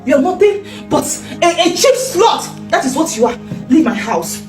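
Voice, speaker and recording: Woman doing a screaming jealous wife, super high and jumpy, roomy sound with music under it. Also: sing-song, normal speed. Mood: furious. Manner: shrill, screaming accusations, later wailing in despair. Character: furious jealous wife, shouting at husband. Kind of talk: comedy skit acting. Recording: roomy audio with background music.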